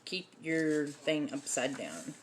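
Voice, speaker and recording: A woman hosts a relaxed livestream lesson on household magic, her voice sitting a little low. She talks slowly and chattily, filling pauses with frequent "um"s as she goes. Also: background noise. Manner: chatty, many um fillers. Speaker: host teaching folk magic.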